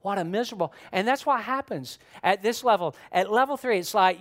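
A male pastor preaching a sermon to a room, voicing a struggling person's inner thoughts with sudden swings between loud and hushed. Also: lively intonation, fairly quick, hardly any pauses. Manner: impassioned, acts out inner voices with sharp swings in pitch and loudness.

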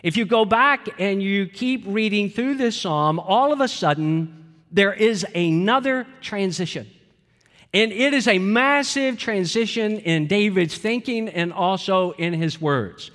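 Pastor guy preaching, fairly high voice, emphatic, long church reverb. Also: measured pace, fairly bright tone. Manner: emphatic, acts out quoted prayers with rising intensity. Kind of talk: sermon.

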